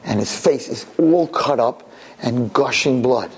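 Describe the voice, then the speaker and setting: A man, a rabbi, giving a Torah lesson and telling a parable in an animated way, often asking "right?". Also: medium pitch, a little slow. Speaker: rabbi teaching students.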